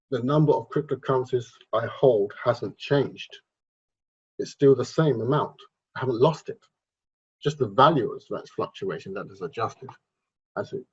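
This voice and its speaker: A man hosting a crypto investment channel explains charts at a drawing board in a casual, rambling way, often repeating and correcting himself. His mid-range voice is husky and a little mellow, and the recording sounds muffled and lo-fi.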